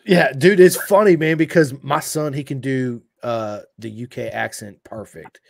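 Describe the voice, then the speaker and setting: A man's voice: medium pitch, moderate pace, vocal fry, a little hiss or hum. A middle-aged man co-hosting a podcast, telling stories animatedly and laughing a lot. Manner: animated storyteller, says dude a lot, laughs. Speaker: podcast co-host. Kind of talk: casual chat.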